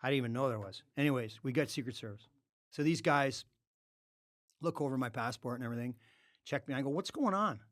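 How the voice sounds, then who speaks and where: A middle-aged man, a former hockey player, telling stories as a podcast guest in a studio. He swears freely and breaks into loud outbursts. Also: mid-range voice, quick pace, pauses often, no room sound. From Canada. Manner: animated, profane storyteller with loud outbursts. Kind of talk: casual storytelling.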